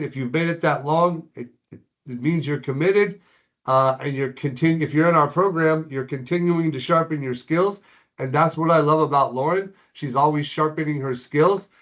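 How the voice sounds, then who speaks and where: A man's voice: on the high side, fairly bright tone, highs cut off. A man hosting a sales coaching session for lenders, introducing a guest coach in an encouraging, conversational way.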